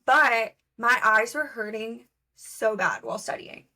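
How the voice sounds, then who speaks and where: A woman's voice: a little high, a little slow, pushed and bright. A young woman co-hosting a podcast, telling stories in a casual, chatty way full of fillers. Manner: chatty, lots of fillers, storytelling. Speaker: podcast co-host. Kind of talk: casual chat.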